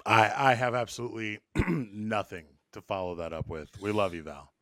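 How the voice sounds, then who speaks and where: A man's voice: lowish voice, moderate pace, a bit bright, no room sound, clean studio sound. A man hosting a casual podcast, loose and profane, wrapping up the show. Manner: loose, profane, laid-back sign-off. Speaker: host.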